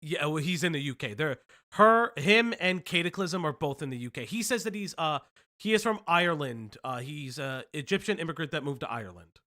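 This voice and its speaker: A man's voice: a little high, lively intonation, fairly quick, bright, forceful tone. A man hosting a livestream commentary show, casual and profane, drifting into tangents. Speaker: stream host.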